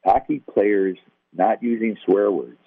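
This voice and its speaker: A deep, husky older man recounts his past in a relaxed, self-deprecating way, jumping into the voices of the people in his story. The sound is thin and phone-like, with no room around it. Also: a little slow, no echo. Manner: conversational, self-deprecating, acts out quoted dialogue. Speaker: guest telling his testimony. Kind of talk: personal testimony storytelling. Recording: tinny, phone-like, dry.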